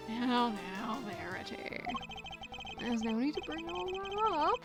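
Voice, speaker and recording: Casting: woman voicing a grandfatherly old chairman, genial and sentimental, game role, voice sits a bit high. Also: very animated, slow, loud music behind the voice, heavily acted. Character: genial elderly male committee chairman, grandfatherly.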